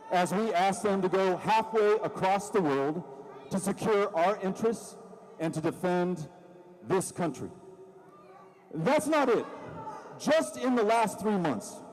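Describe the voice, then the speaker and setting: A man with a fairly high voice delivers a political rally speech into a stage microphone. He mixes sarcasm with rising, impassioned emphasis. His voice trails into the long reverb of a large venue. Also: darkish tone. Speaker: rally speaker.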